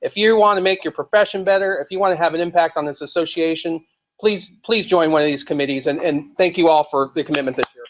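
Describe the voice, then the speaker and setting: Man hosting a meeting, slightly high. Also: fast talker, highs cut off. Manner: upbeat, thanking the crowd. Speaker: meeting host. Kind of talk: meeting announcements. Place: meeting hall.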